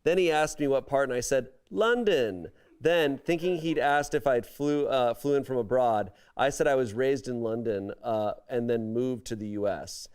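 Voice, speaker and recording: A man with a mid-range, slightly mellow voice hosts a casual comedic podcast, reading online stories aloud and dropping wry, amused remarks between passages. His intonation stays fairly even, his speed is normal with hardly any pauses, and the tone is clean.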